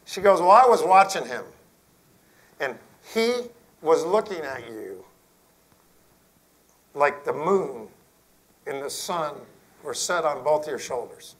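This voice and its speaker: A middle-aged man, an Air Force general, telling a story to school principals in a folksy, earnest way, dropping to a hush for emphasis. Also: a little high, very animated, takes it slowly, long pauses, rough recording.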